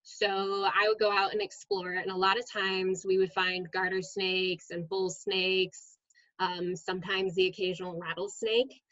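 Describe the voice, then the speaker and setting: A woman, a middle school science teacher, chatting as a guest in an interview and telling lively stories with frequent "um"s. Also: mid-range voice, measured pace, no echo, muffled recording. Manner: lively storyteller, many "um"s. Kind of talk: casual interview storytelling.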